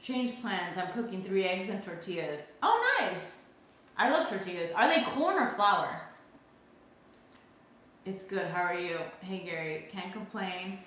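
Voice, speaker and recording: Speaking in an unhurried, sing-song way, this young woman from California has a mid-range, slightly bright voice. She runs a casual livestream in her very echoey home kitchen, reading chat comments aloud and ranting with the occasional swear word.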